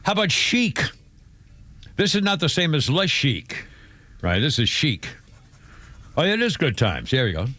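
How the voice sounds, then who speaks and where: A man's voice: on the high side, sing-song, unhurried, long pauses, bright, forceful tone. An older man hosting a talk radio show, rambling loosely through a live-read ad and studio chat full of fillers and asides.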